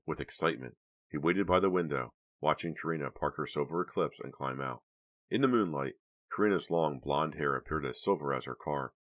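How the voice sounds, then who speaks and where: A man reads an audiobook aloud in scripted narration. His voice is extremely deep and sits at the floor of the male range. He keeps the reading steady and measured from line to line.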